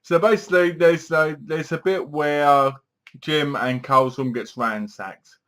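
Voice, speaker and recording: A man's voice: on the high side, fairly even intonation, a little slow, fairly bright tone. A man giving a casual, rambling film review, leaning on filler words and restarts.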